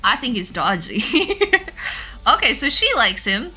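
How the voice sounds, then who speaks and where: A woman's voice: a little high, big pitch swings, measured pace, pushed and bright, soft background music. A young woman streaming a game, chatting casually and playfully with her viewers between lines of dialogue, often giggling. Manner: giggly, playful, talks to chat. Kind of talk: casual gameplay commentary.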